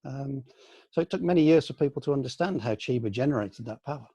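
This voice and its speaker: An older man from the UK, a senior aikido teacher, reminiscing in a relaxed online question-and-answer session, with many ums and restarts. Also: mid-range voice, quick pace, vocal fry, husky, no echo. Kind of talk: casual online Q&A. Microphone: video call.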